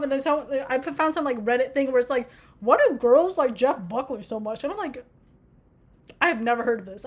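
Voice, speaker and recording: Young woman vlogger, high voice, excitable rambling chat full of swearing. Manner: gushing, excitable, swears a lot. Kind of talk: casual rant to camera.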